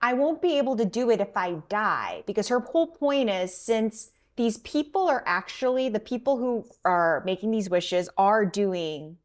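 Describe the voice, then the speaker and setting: Woman co-host, relaxed podcast recap, lively storyteller who acts out the quotes. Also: mid-range voice, moderate pace, hardly any pauses. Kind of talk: casual recap chat.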